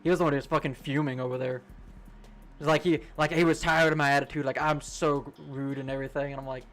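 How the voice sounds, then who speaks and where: Streaming a game, a young man tells a rambling work story in a casual way, swearing and laughing a lot. His voice is on the high side and fairly bright, with little pitch movement and a quick pace.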